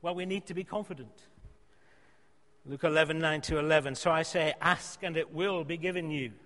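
High-voiced preacher in a reverberant hall. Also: male voice, moderate pace. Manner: earnest, emphatic, rising to loud exhortation then dropping soft. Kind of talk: sermon. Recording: long reverb of a church hall.

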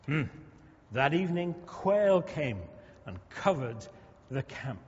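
A man's voice: on the high side, big pitch swings, slow, slightly rough. A man preaching a sermon, talking conversationally with humorous asides to the congregation. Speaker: pastor. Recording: dull lo-fi sound in a reverberant hall.

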